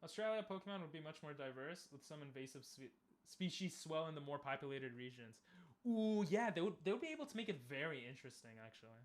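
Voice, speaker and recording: A young man casually commenting on a game he is playing, chatting with viewers and bursting into loud cheers. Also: a little high, expressive, fast talker. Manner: talks to chat, asks viewers questions. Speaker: streamer.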